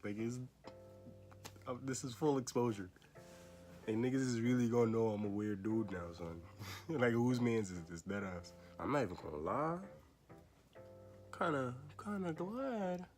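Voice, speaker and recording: A young man vlogging to his own camera, telling a story in slangy, laid-back talk and chuckling between remarks, his voice low and rough from being sick. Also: animated, measured pace, long pauses, darkish tone, soft background music. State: sick, voice lower than usual. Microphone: camera he set up facing himself.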